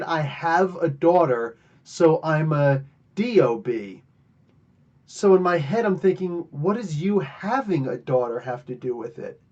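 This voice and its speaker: A man's voice: fairly high pitch, darkish tone, highs cut off. A man from New Jersey hosting a podcast, talking casually and rambling with lots of fillers. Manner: rambling, chatty, many fillers. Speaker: podcast host. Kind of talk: casual monologue.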